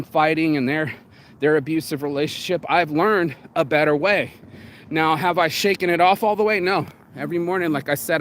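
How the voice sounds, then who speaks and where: Guy doing a sweary pep talk vlog, kinda high voice, faint traffic going by behind him. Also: fairly bright tone. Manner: blunt and profane, with quick acted quotes. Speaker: motivational vlogger. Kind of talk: casual motivational talk.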